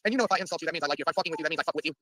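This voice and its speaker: A man's voice: fairly high pitch, rapid-fire, bright, forceful tone, no echo. A man in casual chat, bantering in a joking, mock-formal way. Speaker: chat participant.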